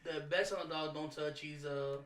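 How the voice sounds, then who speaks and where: A man's voice: fairly high pitch, fairly even intonation, a little fast, echoey room, a crowd in the background. A man co-hosting a podcast who chats loosely and rambles. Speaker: podcast co-host. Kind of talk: casual podcast banter.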